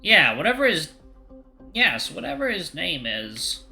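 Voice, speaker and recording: A man voicing a frail, drunk old woman sheep with a gruff, gravelly and forceful voice, curt and scornful. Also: on the high side, huge pitch swings, measured pace, soft background music, pitched above the performer's own voice, full character voice.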